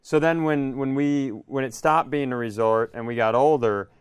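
Smooth-voiced man chatting on a podcast. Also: medium pitch, normal speed. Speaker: podcast co-host. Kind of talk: casual chat.

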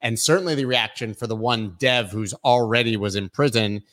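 A man's voice: medium pitch, normal speed, a bit bright. A man hosting a weekly crypto news show, talking casually with many fillers and opinionated asides. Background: construction noise.

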